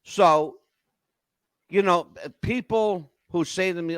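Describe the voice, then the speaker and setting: An older man hosting a podcast, telling stories in a lively, emotional casual chat. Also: high-pitched, takes it slowly, long pauses, smooth, no echo. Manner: animated storyteller, emotional swings. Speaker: podcast host.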